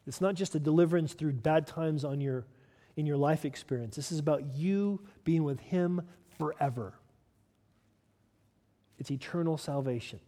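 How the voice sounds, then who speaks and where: A pastor delivers a sermon in a voice that sits on the high side for a man. He talks in an emphatic, direct way and keeps putting pointed questions to his listeners. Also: normal speed, warm tone.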